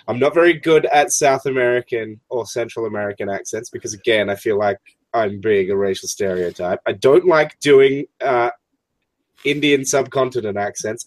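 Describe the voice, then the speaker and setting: A man's voice: medium pitch, moderate pace, no echo. Rambling man, dry close sound. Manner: rambling, searching for words. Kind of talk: casual chat.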